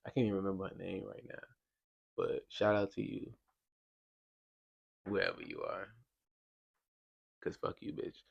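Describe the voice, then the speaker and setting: A young man from Brooklyn, telling a wild story on a podcast in a casual, profane, animated way. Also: deep voice, normal speed, creaky, pauses often, breathy edge, muffled recording. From Brooklyn, New York. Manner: animated, profane, acts out voices in quotes.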